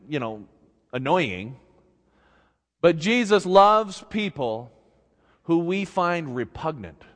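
A man pastor preaching a sermon in a church, telling a story in an animated, folksy way. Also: high-pitched. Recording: long reverb in a big hall.

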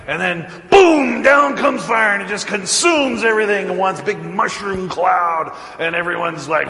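A pastor with a slightly high, bright voice retells the story at an unhurried pace, slipping in casual jokes and asides. He sounds like he is in a roomy church sanctuary where his words ring out with a long reverb. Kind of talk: storytelling sermon.

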